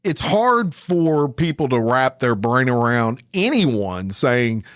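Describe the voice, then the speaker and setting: A middle-aged man hosts a podcast interview, his voice rising and falling with animated inflection. He chats easily, keeps the conversation moving and laughs along with his guest. The recording is dry and close. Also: mid-range voice, takes it slowly, no echo. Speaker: podcast host.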